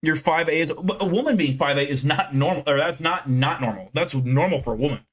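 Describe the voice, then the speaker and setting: A man's voice: a little high, a little fast. A young American man hosting a casual livestream, boasting and swearing as he rambles to his chat. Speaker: livestream host.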